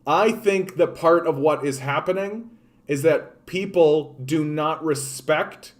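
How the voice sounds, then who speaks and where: Profane impassioned man. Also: a little high. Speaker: political livestreamer. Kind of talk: unscripted political rant.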